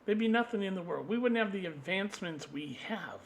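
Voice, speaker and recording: A man delivering an angry, profane solo rant, combative and swinging into loud outbursts. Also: high-pitched, expressive, a little fast. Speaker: vlogger.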